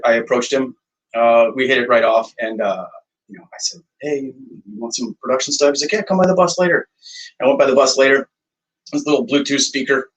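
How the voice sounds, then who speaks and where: A man's voice: lowish voice, recorded from a distance, low-quality recording. A man, a songwriter and producer, casually telling stories in an interview, acting out quoted dialogue with lots of fillers. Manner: animated storyteller, acts out quoted dialogue, frequent fillers.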